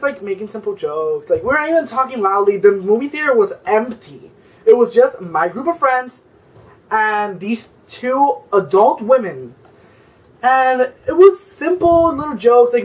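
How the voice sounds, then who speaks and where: A man's voice: high voice, recorded from a distance, low-quality recording. Sassy, profane young man ranting. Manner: sassy, profane, rambling with constant "like". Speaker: vlogger. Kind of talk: story time vlog.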